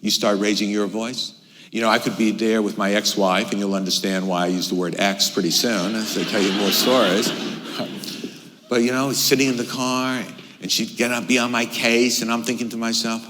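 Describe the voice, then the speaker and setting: A middle-aged man delivers a workshop lecture in a somewhat low voice, animated and full of rhetorical questions and anecdotes. His voice rings with a long reverb, as in a lecture hall. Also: normal speed. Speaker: workshop presenter.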